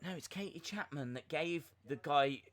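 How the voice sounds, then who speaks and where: A young man hosting a live wrestling watch-along, chatting excitedly, rambling and flustered as he reads viewer comments. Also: fairly high pitch, normal speed. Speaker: livestream host reacting to wrestling.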